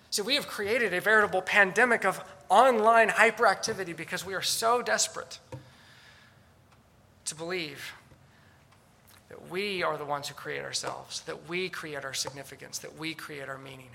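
Male pastor, sermon, dramatic delivery, high pitch, very bright tone. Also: moderate pace, gravelly. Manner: dramatic, acts out sarcastic voices.

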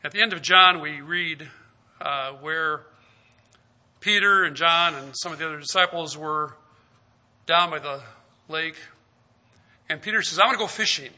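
Bright-voiced man preaching a sermon. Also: on the high side, steady tone, unhurried, long pauses. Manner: storytelling, acting out the dialogue of the scripture figures; asks the listeners direct questions.

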